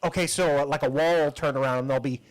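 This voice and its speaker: A man's voice: on the high side, fairly even intonation, racing. A man co-hosting a podcast, chatting casually and telling an everyday story with laughing asides. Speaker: podcast co-host. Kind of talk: casual chat.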